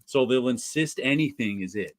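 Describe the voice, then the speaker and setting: A man's voice: mid-range voice, animated, normal speed, no room sound. Chatty laughing male podcast host. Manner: chatty, laughs often, teasing. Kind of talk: casual group chat about comics.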